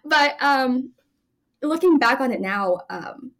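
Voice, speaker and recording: A woman's voice: high-pitched, lively intonation, takes it slowly, fairly bright tone. Chatty young woman telling stories. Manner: chatty storytelling with frequent laughs and fillers. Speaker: actress guest. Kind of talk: casual interview chat.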